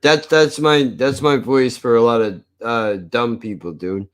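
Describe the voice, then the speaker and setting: A man's voice: mid-range voice, steady tone, measured pace. A man giving casual, rambling reaction commentary while he searches for videos, crude and laid-back. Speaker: watch-along streamer.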